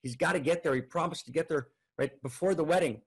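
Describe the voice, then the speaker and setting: Gravelly husky male storyteller. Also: a little high, fast talker. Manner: animated, frequent "right?" tags. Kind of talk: oral folk tale telling.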